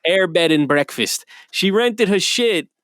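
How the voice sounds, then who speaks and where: A man co-hosting a casual podcast chat, telling profane stories in an animated way over a remote call. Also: high-pitched, unhurried, smooth, no echo, studio quality.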